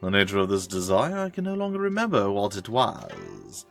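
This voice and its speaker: A man voicing the grieving ghost of a loyal servant in a video game, reading the text in a high, sobbing voice. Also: wildly swooping pitch, moderate pace, gravelly, soft background music, exaggerated voice. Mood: mournful. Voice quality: high, wailing and far-off. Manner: melodramatic sobbing delivery. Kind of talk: let's play voice acting of game text.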